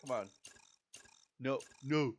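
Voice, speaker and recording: A man chatting casually over a video game, excitable and self-deprecating. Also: medium pitch, takes it slowly, slight background noise. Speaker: gaming YouTuber. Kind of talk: casual gameplay commentary.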